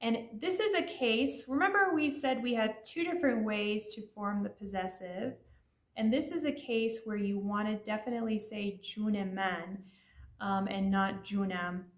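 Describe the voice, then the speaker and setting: A woman explains vocabulary to her learners in a friendly, patient way, dropping in casual fillers as she goes. Her voice sits at a middle pitch. The room around her gives a noticeable echo. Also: moderate pace. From Iranian family. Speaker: language teacher.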